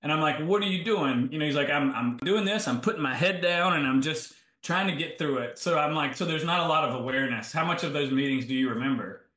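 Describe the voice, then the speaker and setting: Bright-voiced man coach. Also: a little high, fast talker, few pauses, roomy sound. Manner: animated, acts out both sides of conversations. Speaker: health coach. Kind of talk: casual storytelling interview.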